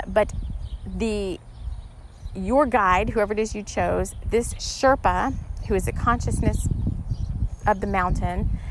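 A woman's voice: medium pitch, a little hiss or hum. Earnest rambling woman hosting a spiritual podcast. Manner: earnest, rambling, emotional, many restarts. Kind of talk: casual spiritual guidance talk.

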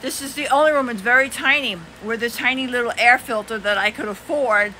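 A woman's voice: a little high, a little fast, sharp tone, poor audio. A woman vlogging casually from a small apartment bedroom, breathless and exasperated, with a New York accent. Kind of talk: casual selfie vlog to camera. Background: air conditioner hum.

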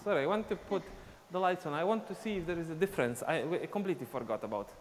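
In a dance studio, a man leads a live online dance class, racing through his explanations in a fairly high, animated voice. He counts the beats aloud while dancing the steps. Long reverb and faint ambient noise fill the recording.

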